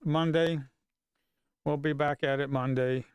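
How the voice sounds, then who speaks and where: A man's voice: a little high, fairly even intonation, unhurried, clear, resonant tone, dry recording, clean studio sound. A man live-streaming his futures trading, talking to himself in a casual, frustrated way and swearing under his breath.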